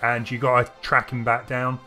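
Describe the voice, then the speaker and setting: A man's voice: medium pitch, completely flat delivery, normal speed, bright, forceful tone. Guy rambling about old games on a stream, faint game music behind. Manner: rambling, with frequent restarts and laughs. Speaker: streamer co-host. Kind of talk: casual chat while playing games.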